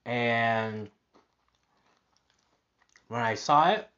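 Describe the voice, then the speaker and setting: On a muffled recording, a man hosts a rambling personal podcast, cheerful and positive, with plenty of fillers and false starts. His medium-pitched voice is expressive and a little bright, and he draws out his words.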